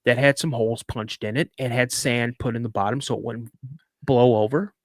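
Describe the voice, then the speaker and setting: Middle-aged male storyteller, mid-pitch, dry close mic, acts out yelled dialogue. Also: fairly even intonation, normal speed, no echo. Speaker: podcast guest storyteller. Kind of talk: animated storytelling.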